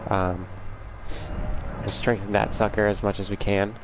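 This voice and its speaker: A man's voice: fairly low pitch, level tone, a little slow, a little hiss or hum, low-quality recording. A man hosting a casual gaming livestream from his room at home, chatting and teasing viewers by name.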